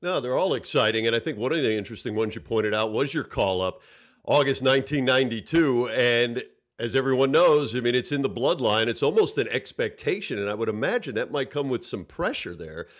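Brief: male interviewer, mid-pitched, conversational, sets context then asks. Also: lively intonation, a little fast. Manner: builds up context before asking.

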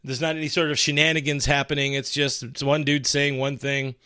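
A man's voice: medium pitch, level tone, a little fast, pushed and bright, clear, resonant tone, no echo, clean studio sound. A man hosting a casual live stream, reading chat comments aloud and rambling through them with frequent restarts. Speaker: livestream host.

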